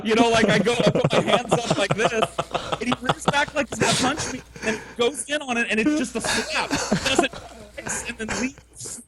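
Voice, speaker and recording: A man's voice: high voice, brisk, a crowd in the background. A man co-hosting a podcast, telling a crude story in a loose, profane, laughing way. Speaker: podcast co-host.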